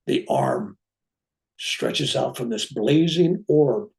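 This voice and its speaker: A man, a reverend, telling a personal story in an animated way, acting out the people he quotes. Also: medium pitch, slow, gravelly. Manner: animated retelling, acting out quoted voices, chuckling asides. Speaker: reverend sharing a spiritual experience.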